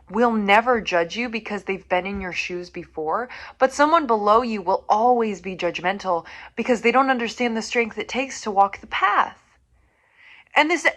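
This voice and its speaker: A woman's voice: on the high side, fairly bright tone. A young woman hosting a podcast, giving a blunt, profane motivational rant with flashes of sarcasm. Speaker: podcast host.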